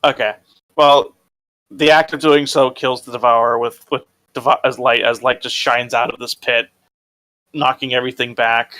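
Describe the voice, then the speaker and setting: Bright-voiced man running a tabletop game. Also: medium pitch, little pitch movement, moderate pace. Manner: casual, stumbles and repeats words. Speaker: dungeon master.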